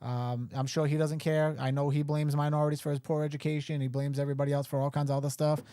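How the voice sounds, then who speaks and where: A man's voice: on the high side, level tone, fast talker, dark tone, clean tone, dry recording, clean studio sound. A man running for mayor, talking bluntly and emphatically on a live show. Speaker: mayoral candidate guest.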